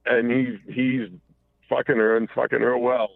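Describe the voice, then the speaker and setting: A man's voice: mid-range voice, flat delivery, normal speed, creaky, dry recording. A man calling in to a talk show, telling a candid personal story in a rambling way full of restarts and profanity. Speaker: caller. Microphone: phone. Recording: tinny phone line.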